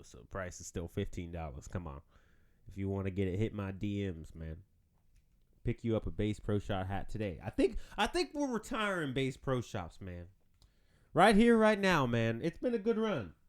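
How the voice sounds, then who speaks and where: A man's voice: on the low side, sing-song, moderate pace. A man hosting a podcast on his own, joking and rambling in casual chat. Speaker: podcast host.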